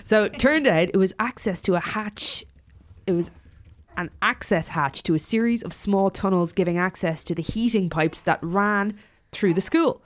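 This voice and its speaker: A woman co-hosting a podcast, reading a listener's story aloud in a chatty way with frequent swearing and quick asides. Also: mid-range voice. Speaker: podcast co-host.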